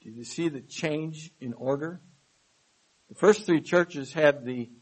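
Husky-voiced man preaching a sermon. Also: a little high, rough recording. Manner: reads scripture aloud with stress, then explains in a measured tone. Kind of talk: sermon, Bible study reading.

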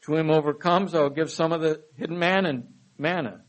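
A man preaching a sermon. He reads scripture verses aloud with emphasis and then explains them in a measured way. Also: a little high, steady tone, poor audio. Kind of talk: sermon, Bible study reading.

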